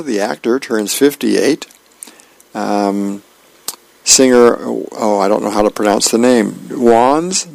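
A man volunteering as a radio reader, reading the newspaper and comics aloud in a gentle, plain way. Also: mid-range voice, creaky, no echo.

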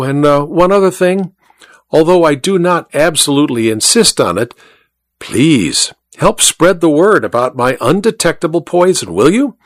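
A man's voice: fairly high pitch, no room sound, clean studio sound. A man doing a smug, chuckling little druggist. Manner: chuckling, mocking, teasing. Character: sly little male druggist, smug poisoner.

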